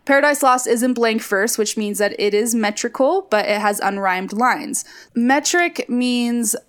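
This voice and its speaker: A woman's voice: a little high, expressive, unhurried, a bit bright, clean tone. A woman co-hosting a podcast, explaining a poem in a conversational, explanatory way. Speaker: podcast co-host. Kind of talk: casual literary discussion.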